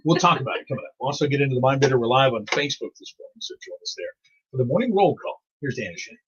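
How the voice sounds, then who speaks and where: A man's voice: mid-range voice, expressive, rapid-fire, slight background noise. A middle-aged man hosting a radio morning show, telling rambling stories in casual on-air banter and chuckling often. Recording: muffled lo-fi live stream audio.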